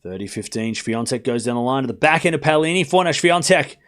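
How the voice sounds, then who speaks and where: A man giving casual live play-by-play of tennis for his stream, talking to chat and shouting at big points. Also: mid-range voice, quick pace. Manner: excitable, talks straight to chat, bursts of shouting at big points; casual and chatty, with slang and asides. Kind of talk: live watchalong play-by-play commentary.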